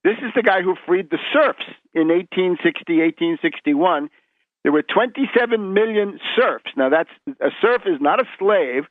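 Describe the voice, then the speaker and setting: A man speaks as a guest on a radio interview, explaining in an emphatic, lecturing way with frequent restarts and a tagged "right?". His voice sits somewhat high for a man and comes through a tinny, phone-like line. The sound is dry and close. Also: expressive, moderate pace, no echo. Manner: emphatic lecturing, many repeated words and "right?". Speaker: guest historian.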